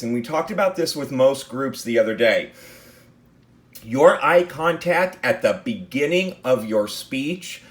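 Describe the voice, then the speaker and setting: A man teaching a class on speech delivery, talking in a loose, conversational way and asking the listener rhetorical questions. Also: a little high. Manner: conversational, with many fillers and restarts. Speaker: instructor. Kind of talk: recorded lecture on speech delivery.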